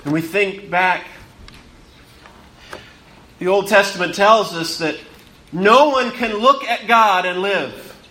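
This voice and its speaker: High, bright-voiced man preaching a sermon. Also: slow pace, long pauses, echoey room. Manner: emphatic, swelling and dropping to hushed tones; repeats words for emphasis.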